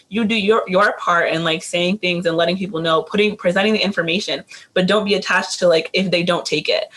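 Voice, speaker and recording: A man who works as a teacher, giving casual advice on a panel, talking rapidly with many fillers and restarts. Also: sits high, fairly bright tone.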